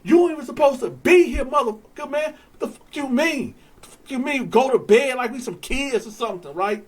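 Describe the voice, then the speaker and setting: A heated male prisoner hollers insults through the bars, his voice raised and pitched up, as a man puts him on. He is loud, profane and defiant the whole way through. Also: animated, brisk, husky, full character voice. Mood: angry. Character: angry male inmate yelling at a guard.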